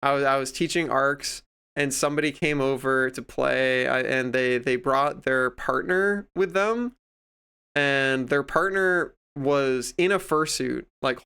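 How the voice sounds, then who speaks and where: A man's voice: medium pitch, creaky, pushed and bright, clean tone. Rambling, profane male streamer. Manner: rambling, profane, acts out others in quoted voices. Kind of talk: casual chat ranting.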